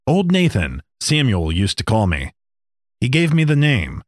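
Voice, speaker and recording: A man voicing an old talking desert snake, calm and matter-of-fact with dry jokes. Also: mid-range voice, unhurried, no room sound. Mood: wry. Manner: matter-of-fact, dryly joking.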